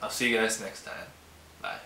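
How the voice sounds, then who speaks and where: A man's voice: lowish voice, moderate pace, sharp tone, a little hiss or hum. A man hosting his own beer review show, talking casually and rambling with lots of fillers as he tastes. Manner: rambling, heavy use of "like" and "um". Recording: roomy echo.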